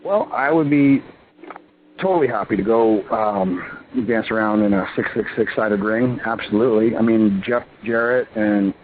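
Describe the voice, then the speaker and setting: A man in his thirties, a pro wrestler and interview guest, talking in a rambling, excitable way full of fillers. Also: fairly low pitch, normal speed. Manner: excitable, rambling, full of "you know" and "I mean". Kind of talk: casual phone interview. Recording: tinny phone line with faint hiss.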